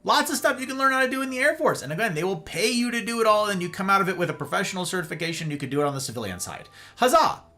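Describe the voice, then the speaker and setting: A man's voice: sits high, animated, racing, few pauses, sharp tone. A male host giving an emphatic, sarcastic monologue on a live-streamed talk show, with playful asides.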